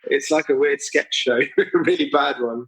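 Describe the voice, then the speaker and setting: A man with a mid-range, raspy, husky voice talks in a relaxed interview. He jokes at his own expense and cuts in with short additions to his partner's stories. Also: medium pitch, normal speed, poor audio. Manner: jokey, self-deprecating, chimes in on his partner's lines. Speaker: guest artist. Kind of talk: casual conversational interview.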